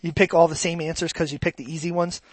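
A preacher giving a sermon, animated and asking the congregation rhetorical questions. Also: medium pitch, quick pace, breathy edge, no echo, low-quality recording.

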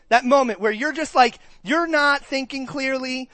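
Asking the congregation questions, this pastor preaches conversationally and plays out listeners' reactions with quick, animated put-on voices. The voice is high, and there is no room sound.

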